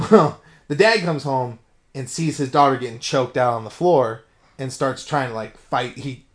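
A man co-hosting a podcast, recapping a film in a casual, animated way and swearing freely as he tells it. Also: mid-range voice, a little slow. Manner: animated storytelling with frequent swearing. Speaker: podcast co-host. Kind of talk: casual movie recap chat.

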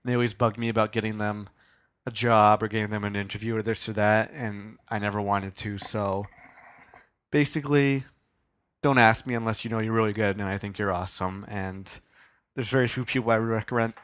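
A young man talks through a solo podcast in a loose, rambling way, often poking fun at himself and swearing casually. His voice sits a little low, and the recording is dry and close. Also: steady tone, fairly quick, fairly bright tone, smooth, no room sound. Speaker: podcast host.

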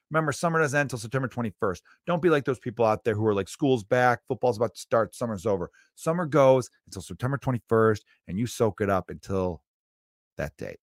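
Chatty dad podcaster, dry close sound. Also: male voice, medium pitch, lively intonation, quick pace, no room sound. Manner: chatty, motivational, swears casually. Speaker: podcast host. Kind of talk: casual solo podcast monologue.

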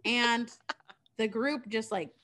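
A woman chats her way through a story recap, loose and profane. Her voice is bright and crisp. She pads her sentences with casual fillers. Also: a little high, extremely slow. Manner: chatty, profane, filler-heavy.

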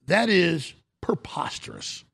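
Gravelly, ranting male talk host. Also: high-pitched, expressive, slow, a bit bright. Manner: ranting, emphatic, addresses listeners as folks. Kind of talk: political talk show monologue.

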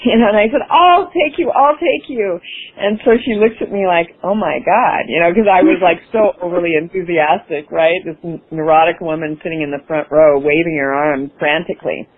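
A woman's voice: fairly low pitch, fairly even intonation, brisk, few pauses, husky. A woman guest in an interview, telling a personal story with enthusiasm, laughing and acting out her past self. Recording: phone-like radio broadcast.

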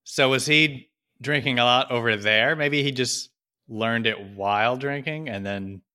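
A man's voice: medium pitch, unhurried, sharp tone. A man in casual chat who gives short reactions, asks curious questions and laughs easily.

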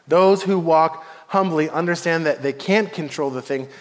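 A man's voice: a little high, unhurried, few pauses. Male pastor preaching in a reverberant hall. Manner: storytelling, swings between hushed and emphatic. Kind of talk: sermon.

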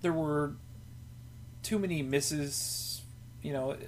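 A woman's voice: sits low, steady tone, slow pace, slight background noise, rough recording. A woman on a casual podcast chat, making dry, teasing remarks.

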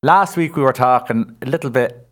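A man presenting a local radio football show, reading out station details and chatting in a relaxed, teasing way. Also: mid-range voice, a little fast. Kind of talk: casual sports chat.

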